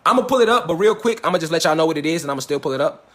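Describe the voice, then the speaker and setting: A man's voice: on the high side, animated, very fast, fairly bright tone. A man giving a preachy, profane livestream lecture, reading aloud from the web and quizzing his listeners over and over. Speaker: online lecturer.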